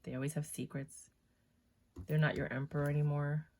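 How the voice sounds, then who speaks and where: A woman reads tarot cards for her viewers in a relaxed, chatty voice with plenty of swearing. Her tone sits low and has a gravelly, fry-heavy grain. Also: brisk, a little hiss or hum. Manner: chatty and loose, swears freely. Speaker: tarot reader. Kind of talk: casual tarot reading.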